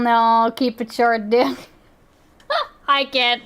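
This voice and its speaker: A woman's voice: fairly high pitch, flat delivery, slow pace, fairly bright tone. A woman streamer giving casual reaction commentary, chatty and often laughing.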